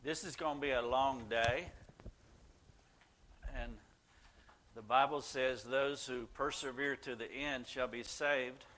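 A man's voice: mid-range voice, fairly even intonation, slow, long pauses, pushed and bright. An older man, a Christian counselor, telling folksy, self-deprecating stories to a small group in a casual way, with many "uh" fillers. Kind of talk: casual storytelling talk.

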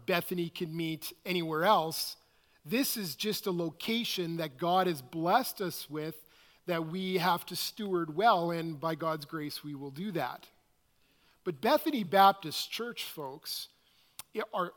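A man's voice: a little high, a little slow, a bit bright. A man preaching as pastor to his church, conversational and self-questioning, with quoted asides, recorded in a church sanctuary. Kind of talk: sermon. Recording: long hall reverb.

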